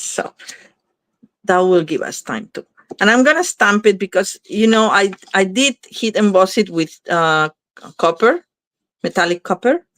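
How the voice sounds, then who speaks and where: Hosting a card-making video, a woman chats casually and thinks aloud as she crafts, frequently stopping to correct herself. Her voice is on the low side yet a bit bright, with no room sound.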